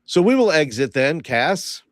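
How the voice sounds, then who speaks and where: A man's voice: on the high side, sing-song, unhurried, a bit bright, dry recording, clean studio sound. A man playing his character in a tabletop game, bantering and giving orders. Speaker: player.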